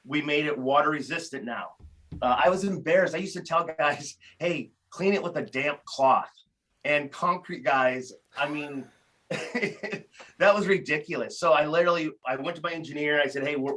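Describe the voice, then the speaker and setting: A man chats as a podcast guest in a bright, forward voice that sits a little high for a man. He tells animated stories, restarting his sentences often as he goes. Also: low-quality recording. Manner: animated storyteller, many restarts. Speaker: guest, tool company founder. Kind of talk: casual podcast conversation.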